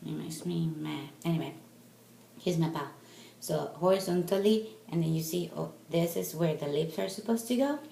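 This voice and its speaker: A woman's voice: deep voice, moderate pace, vocal fry, mellow. A woman vlogging casually at home into a camera mic, chatty and exasperated as she rants. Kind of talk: casual product vlog. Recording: echoey room with background noise.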